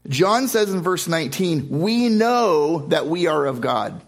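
A man's voice: fairly high pitch, lively intonation, measured pace. A man preaching a sermon to a congregation as pastor, speaking emphatically and often repeating words and restarting phrases. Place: church service before a congregation.

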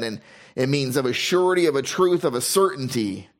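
With a mid-range voice, a male pastor delivers a Bible sermon. He slows on important phrases for emphasis and mixes in relaxed, humorous side comments.

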